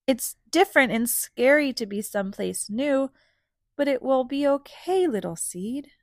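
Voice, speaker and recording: A woman's voice: sits high, animated, unhurried, no room sound, studio quality, voice pushed up. A woman voicing a small, anxious but caring little fox in a children's storybook. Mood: comforting.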